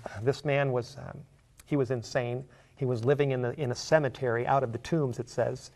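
A man's voice: medium pitch, steady tone, fairly quick, darkish tone. A middle-aged man preaching a sermon, reading scripture aloud and explaining it in a conversational way, with fillers and repeated words.

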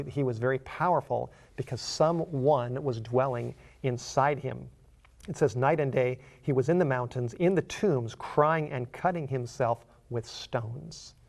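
Middle-aged male preacher with a gravelly voice and conversational delivery, reads scripture and explains it in a sermon. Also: mid-range voice, darkish tone. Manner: conversational, with fillers and repeated words.

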